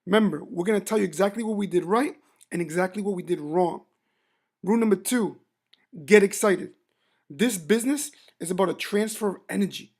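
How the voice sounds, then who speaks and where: A man's voice: high voice, quick pace, a little mellow, husky. A man giving a motivational business training talk, emphatic and repeating words for impact.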